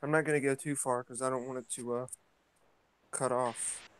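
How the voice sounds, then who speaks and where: A man's voice: medium pitch, normal speed, smooth, poor audio. A man chatting casually and rambling, with lots of fillers and restarts, as he steps out into his yard. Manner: relaxed, rambling, hesitant with many fillers. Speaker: vlogger hosting a morning chat. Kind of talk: casual chat. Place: at home, stepping outside into his yard.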